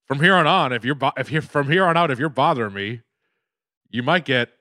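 A man co-hosting a podcast, talking in a brash, joking and excitable way. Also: on the high side, fast talker, no room sound, clean studio sound. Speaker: podcast co-host. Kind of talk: casual chat.

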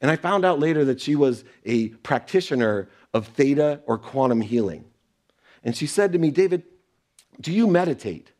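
A man's voice: mid-range voice, expressive, normal speed, darkish tone. Earnest middle-aged guy giving a motivational talk, normal mid voice, acts out little back-and-forths. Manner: earnest, acts out quoted exchanges. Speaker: speaker sharing personal lessons.

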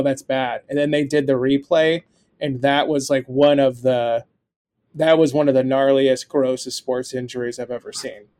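A young adult man co-hosting a podcast, chatting casually and telling animated, profane stories. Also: fairly high pitch. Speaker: podcast co-host.

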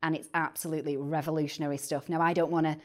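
A woman, a guest chatting on a podcast about early years teaching, animated and often repeating words as she starts a thought. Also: sits low, racing. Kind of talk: casual podcast chat.

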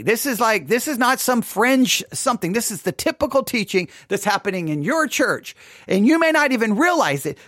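A man teaches a Bible study with a lively, swinging pitch that leaps up and drops low. He is provocative and sarcastic, challenging his listeners directly. His voice is close and dry, with no room sound. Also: no room sound.

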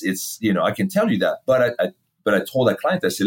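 Middle-aged male guest, lowish voice, blunt storyteller who swears and mimics dialogue. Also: big pitch swings, quick pace, breathy edge. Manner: candid, swears freely, acts out past dialogue. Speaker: fitness company founder, guest. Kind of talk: casual storytelling interview.

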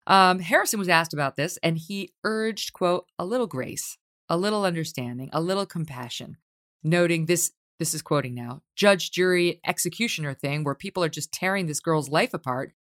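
Woman podcast host, low and sardonic, brisk punchy commentary, dry close sound. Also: fairly bright tone, no echo. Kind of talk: opinionated commentary.

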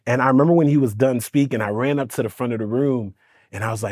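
A man telling a personal story on a podcast, animated and lively, slipping into voices for the people in it. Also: mid-range voice, fast, dry recording, clean studio sound. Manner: lively, does voices for people in his stories, stammers when excited. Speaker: podcast guest, speaking coach. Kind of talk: animated storytelling in casual interview.

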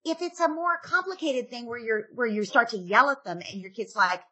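A woman's voice: a little high, fairly quick, pushed and bright, breathy edge. A woman who is a parenting author, giving advice in a podcast interview, earnestly checking in with "right?" as she makes her points. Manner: acts out parent and child quotes.

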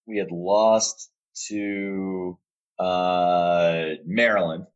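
Man, very low voice, middle-aged, relaxed storyteller, dull lo-fi sound. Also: very slow, smooth. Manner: relaxed anecdotal storytelling with fillers. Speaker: arena announcer and sports media relations staffer. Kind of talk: storytelling in a casual interview.

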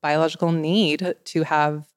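A woman's voice: deep voice, unhurried, no room sound, studio quality. A woman in her forties, a wellness expert guest, telling stories in casual podcast chat with lots of "like" fillers. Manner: animated storyteller, many "like" fillers.

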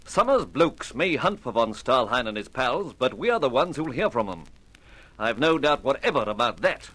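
An actor playing a steady, practical squadron leader who talks briskly, in 1950s radio drama. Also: male voice, medium pitch, husky, poor audio. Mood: grim. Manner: brisk, matter-of-fact.

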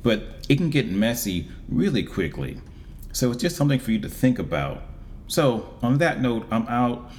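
A man giving a casual, wry monologue as a vlogger, with deliberate pauses. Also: medium pitch, big pitch swings, a little mellow, slight background noise.

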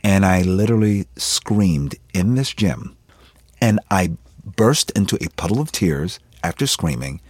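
A man's voice: low-pitched, expressive, unhurried, darkish tone, slightly rough, no room sound. A man, an actor, telling stories from his career in a radio interview, animatedly acting out the people he quotes. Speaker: actor guest.

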